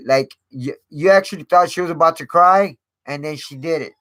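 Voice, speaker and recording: A man's voice: a little high, moderate pace, few pauses, fairly bright tone. A man hosting his own channel, talking casually to viewers in a rambling way, with many fillers and repeated words. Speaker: channel host. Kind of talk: casual live-stream talk.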